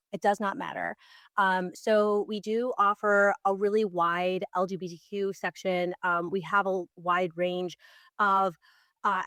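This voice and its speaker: A woman's voice: medium pitch, fairly bright tone, clean tone, dry recording, clean studio sound. A woman who owns a bookstore, answering radio interview questions in an earnest, enthusiastic, conversational way. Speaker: bookstore owner, radio guest.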